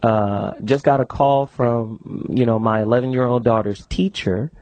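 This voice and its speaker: A middle-aged man hosting a call-in radio talk show, emphatic and lively as he takes callers and repeats the number. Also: mid-range voice, measured pace, no echo.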